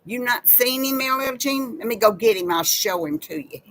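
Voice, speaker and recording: A woman's voice: on the high side, expressive, normal speed, a bit bright, a little hiss or hum, rough recording. A woman, hosting a casual live chat with viewers in a folksy, chatty way. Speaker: live-stream host.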